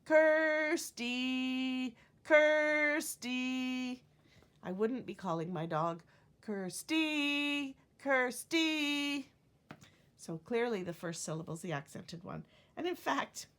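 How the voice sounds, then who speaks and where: A middle-aged woman teaches a phonics word sort in a low, slightly gravelly voice. She speaks clearly and deliberately, drawing out words so the stressed syllable stands out. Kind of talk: classroom phonics lesson.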